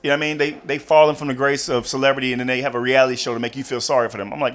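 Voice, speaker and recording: A man's voice: medium pitch, level tone, very fast, few pauses, a bit bright. A young man doing a stand-up routine in a chatty, rambling way with many asides, speaking on a comedy stage into a handheld mic.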